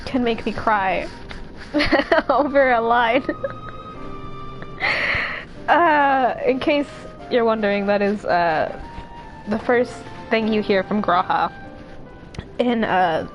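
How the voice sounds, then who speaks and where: A woman streamer giving excitable, swearing, laughing live commentary while she plays. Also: fairly high pitch, slow pace, long pauses, rough recording. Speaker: game streamer. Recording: game music loud behind voice.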